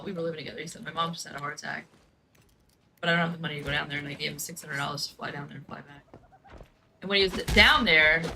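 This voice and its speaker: A woman's voice: fairly low pitch, creaky, pushed and bright, a little hiss or hum, low-quality recording. A young woman telling a personal story in casual chat, blunt and profane, with lots of "like". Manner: blunt, profane, fills speech with "like". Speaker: gaming streamer.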